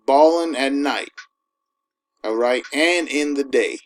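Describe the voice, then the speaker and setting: A man giving an informal sermon, emphatic and conversational, who keeps asking his listeners "all right?" and slows down to read scripture. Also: medium pitch, low-quality recording. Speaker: preacher.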